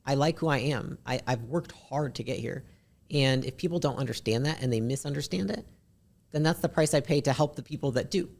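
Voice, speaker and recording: A woman with a deep, raspy voice, a podcast guest talking bluntly and candidly, swearing casually. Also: darkish tone. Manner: blunt, swears casually, talks fast in bursts.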